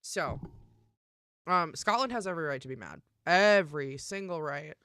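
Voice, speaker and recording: A young woman streamer talking casually and emphatically, swearing often and filling pauses with "um" and "like". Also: low-pitched, animated, a bit bright, no echo, studio quality. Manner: emphatic and profane, with many fillers. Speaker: live streamer. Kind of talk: casual live-stream rant.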